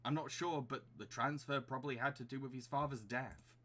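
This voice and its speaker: A man's voice: mid-range voice, steady tone, fairly quick, fairly bright tone. A man casually commenting and reading aloud in a playful game playthrough, laughing often. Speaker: let's-play host.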